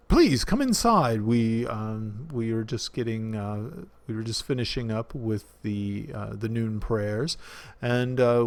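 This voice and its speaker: A man's voice: medium pitch, vocal fry. A man voicing a muscular head priest who speaks formally and welcomingly.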